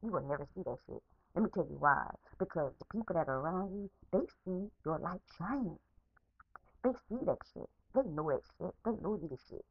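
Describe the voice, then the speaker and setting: A woman's voice: lowish voice, expressive, fairly quick, slightly rough, dull audio. A woman podcaster in an angry, unscripted rant, swearing heavily and repeating herself, recorded as a phone voice message. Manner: profane, repetitive, heated.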